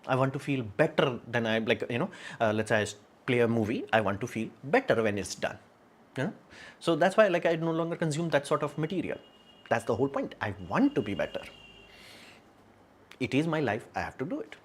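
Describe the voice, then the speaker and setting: A man's voice: mid-range voice, sing-song, a little fast. A man hosting a casual livestream, talking frankly and rambling, with many fillers and frequent laughs. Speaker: livestream host.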